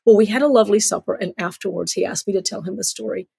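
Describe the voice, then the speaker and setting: A middle-aged woman from Cuba, an author telling stories in an interview, animated and acting out voices. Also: medium pitch, fast talker, creaky, husky, dry recording. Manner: animated storyteller, acts out voices. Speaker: children's author and storyteller. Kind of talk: storytelling interview.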